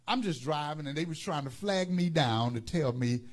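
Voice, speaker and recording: Pastor guy preaching in church, slightly high husky voice, keeps telling folks to say words back. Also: fairly quick. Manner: call-and-response preaching, fillers and restarts. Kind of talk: sermon.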